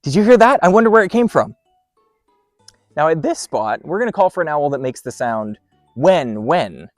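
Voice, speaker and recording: An upbeat man hosts an outdoor educational segment beside wooded trails. His voice sits fairly high and moves around a lot as he explains things playfully. It sounds close and dry, with faint music in the background. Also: expressive, a little fast, dry recording. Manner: upbeat and playful, doing owl calls. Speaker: park host.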